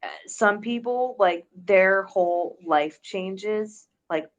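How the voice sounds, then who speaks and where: A young woman co-hosting a podcast, speaking softly in casual chat and often murmuring agreement. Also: medium pitch, slow pace, lo-fi sound. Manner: soft-spoken, murmurs agreement, trails off. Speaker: podcast co-host.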